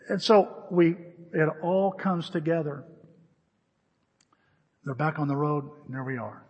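A man preaching in a church hall, his slightly high and husky voice carrying a long reverb. He tells a story animatedly, acting out both sides of the phone calls. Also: unhurried, long pauses. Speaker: pastor. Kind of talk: sermon.

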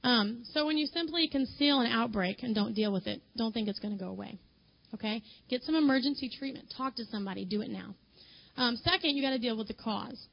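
Gravelly-voiced woman giving a chatty sermon. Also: fairly high pitch, lo-fi sound. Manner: chatty, addresses listeners directly, fills with "you know". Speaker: women's ministry speaker. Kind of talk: conversational sermon to women.

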